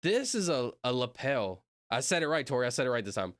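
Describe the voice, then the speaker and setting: Excitable guy with lively pitch. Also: very fast, dry recording, clean studio sound. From Southern United States. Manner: excitable, rambling, sudden shouted outbursts. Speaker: streamer reacting to videos. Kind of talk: casual reaction commentary.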